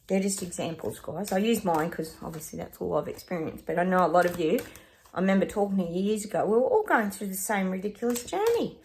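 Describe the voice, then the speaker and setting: A woman's voice: medium pitch, lively intonation, fast, a little mellow. A woman psychic chatting casually to her viewers while pulling oracle cards, talking in an exclamatory way and often addressing them directly. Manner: chatty, exclamatory, talks straight to viewers as "guys". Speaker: psychic doing oracle card readings. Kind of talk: casual chat to viewers with card pulls.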